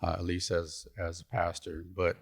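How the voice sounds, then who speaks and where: A man's voice: low-pitched, completely flat delivery, moderate pace, gravelly. A middle-aged man and retired pastor giving a storytelling conference lecture, folksy and humorous, on a stage mic. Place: conference hall.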